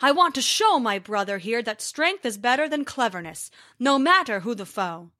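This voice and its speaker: A woman's voice: on the high side, very animated, moderate pace, sharp tone. A woman voicing a mighty, hot-tempered male thunder god who bellows in a storybook. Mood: bellowing. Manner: bellowing, angry outbursts.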